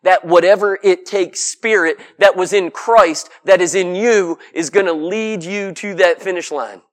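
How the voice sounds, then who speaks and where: Guy preaching a sermon, pretty high voice, folksy and direct, keeps stacking up lists. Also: measured pace. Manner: emphatic, with rhetorical questions and repeated lists.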